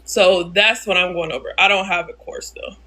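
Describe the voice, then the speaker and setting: A woman hosting a casual live-stream software tutorial, narrating each click, repeating her steps and answering the chat as she goes. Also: lowish voice, moderate pace.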